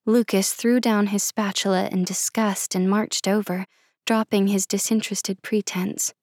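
Woman narrator, first-person novel reading, slow measured pace, mid-pitched voice, dry close sound. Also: fairly even intonation, darkish tone, no room sound. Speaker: audiobook narrator.

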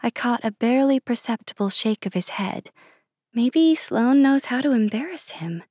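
A woman narrating first-person fiction in a measured, expressive reading style. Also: fairly high pitch, dry recording, studio quality. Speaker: audiobook narrator.

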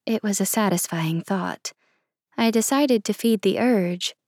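A woman narrating first-person fiction in a measured, expressive reading style. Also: medium pitch, no room sound, clean studio sound. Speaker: audiobook narrator.

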